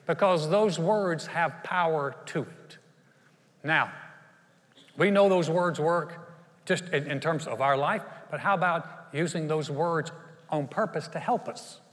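A male pastor preaching a sermon in an animated way. He acts out quotes and often laughs. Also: fairly high pitch, unhurried, big-room sound.

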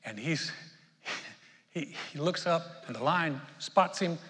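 Pastor guy preaching, kinda high voice, tells a joke then gets fired up, big echoey church. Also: lively intonation, takes it slowly, fairly bright tone. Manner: storytelling with jokes, rising to emphatic exhortation. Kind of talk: sermon. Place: church sanctuary.

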